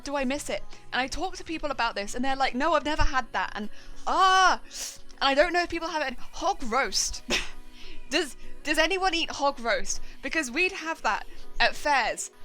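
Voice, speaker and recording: On a live stream, a young woman with a high-pitched voice chats casually while crafting, rambling excitedly and laughing a lot. Faint music plays in the background.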